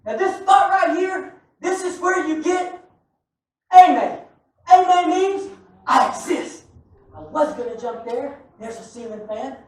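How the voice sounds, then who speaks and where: A man preaching a sermon to a congregation, animated and often shouting, with joking asides. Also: extremely high pitch, measured pace, pauses often. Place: church sanctuary. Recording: echoey church from far off.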